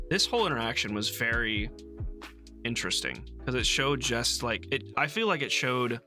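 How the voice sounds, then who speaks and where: Bright-voiced man chatting about a book. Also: mid-range voice. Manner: chatty, frequent ums and restarts, amused. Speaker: book club host. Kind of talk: casual book discussion on a livestream.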